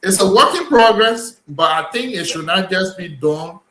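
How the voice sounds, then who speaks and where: Man, high voice, earnest halting talk guest, roomy echo. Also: animated, pushed and bright, slight background noise. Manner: earnest, halting, restarts phrases. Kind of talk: casual chat.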